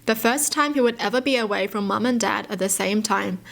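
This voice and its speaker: A woman's voice: medium pitch, fairly quick, creaky, fairly bright tone. A woman who is a YouTuber reads stories aloud and reacts to them in an emotive, sympathetic, chatty way, with gasps, sighs and lots of "you know". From Australia.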